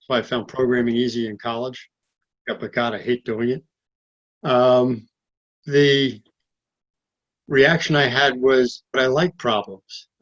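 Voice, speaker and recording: A man shares his reflections haltingly, with a touch of dry humor. His voice comes through muffled over a video call. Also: mid-range voice, fairly even intonation, a bit bright. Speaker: workshop participant.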